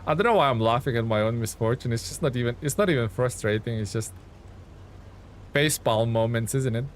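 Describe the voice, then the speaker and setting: A gaming streamer with a mid-range voice gives casual live commentary, chatting with viewers as he plays. He talks a little fast, laughs often, and playfully mocks his own mistakes. There's a little hiss or hum in the audio.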